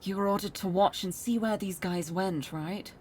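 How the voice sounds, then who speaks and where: A woman voicing a self-assured male American security agent who speaks in a calm, measured, matter-of-fact way, over game music. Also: medium pitch, a little hiss or hum, pitched below the performer's own voice, lightly acted. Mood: cool.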